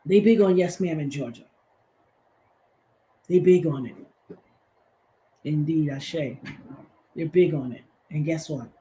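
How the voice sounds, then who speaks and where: A woman's voice: deep voice, slow pace, pauses often, warm tone, low-quality recording. A woman hosting a livestream. She talks emphatically and preaches, with sassy asides. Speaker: commentary host. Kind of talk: animated livestream commentary.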